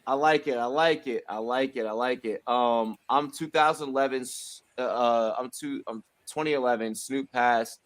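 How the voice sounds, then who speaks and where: A man hosting a casual livestream show, talking in an animated, rambling way full of fillers and repeats. His voice is mid-pitched and close and dry, with little room sound. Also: moderate pace, few pauses, dry recording. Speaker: host.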